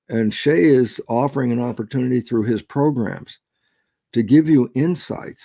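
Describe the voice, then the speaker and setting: A man's voice: medium pitch, vocal fry, dry recording, clean studio sound. An older man, a guest scientist, telling stories with lots of expression and acting out the voices he quotes. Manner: expressive, acts out quoted voices, laughs easily. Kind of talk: animated storytelling in a conversation.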